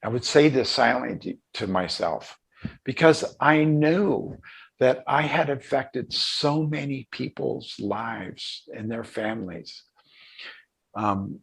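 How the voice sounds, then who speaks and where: An older man, a guest in an interview, telling a personal story in a halting, emotional way with many restarts. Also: mid-range voice, gravelly, husky. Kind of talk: reflective storytelling.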